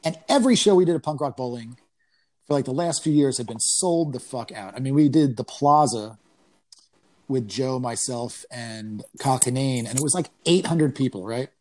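In a casual podcast chat, a man tells stories from his comedy tours, swearing freely and laughing as he goes. He speaks at a moderate pace, and his pitch jumps up whenever he acts out what people said.

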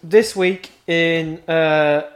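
A man's voice: a little high, fairly even intonation, extremely slow. A young man co-hosting a podcast, chatting casually and reading out news items with plenty of fillers. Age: young adult. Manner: hesitant, reads news items aloud with fillers. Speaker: podcast co-host. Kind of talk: casual chat.

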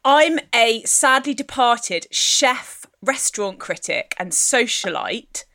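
A woman voicing a 1920s socialite ghost who was a chef and restaurant critic, speaking in a slow, poised, salesy way. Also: fairly high pitch, lively intonation, pushed and bright, exaggerated voice.

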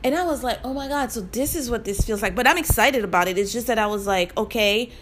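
A woman's voice: a little high, fast talker, a bit bright, a little hiss or hum. A young woman hosting her own podcast, chatting in an upbeat, familiar way and calling the listener "sis". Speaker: podcast host. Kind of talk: casual solo podcast chat.

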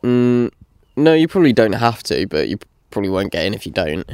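A man's voice: fairly low pitch, very animated, fairly quick, darkish tone, clean tone, no echo. A young man in casual, chatty conversation, laughing often as he talks. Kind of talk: casual chat.

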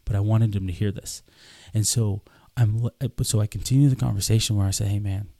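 A man's voice: fairly low pitch, fairly even intonation, fairly quick, dark tone, no room sound. A man in his twenties telling a story in an earnest, casual way, often repeating himself and acting out what was said. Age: 20s. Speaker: podcast host.

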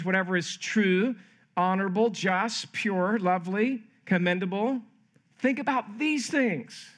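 Animated high-voiced pastor preaching. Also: male voice. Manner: animated, acts out quoted voices. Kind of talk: sermon. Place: camp meeting hall.

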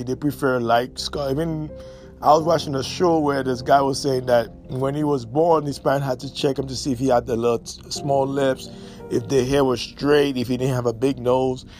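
A man from Haiti giving a blunt, emphatic casual monologue, repeating points for stress. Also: mid-range voice. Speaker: commentator. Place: New York and elsewhere in the States.

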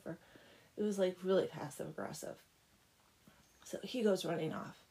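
A woman's voice: medium pitch, fairly even intonation, normal speed, creaky, mellow. Chatty young woman retelling a story. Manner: chatty, sarcastic asides, lots of "like". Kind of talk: casual comic story retelling.

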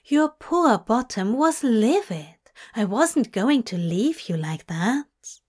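A woman's voice: a little high, very animated, takes it slowly, a little mellow, exaggerated voice. A woman voicing a fussy male angel who scolds patiently in a fanfic audiobook. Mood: scolding. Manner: prim, patient, reproving.

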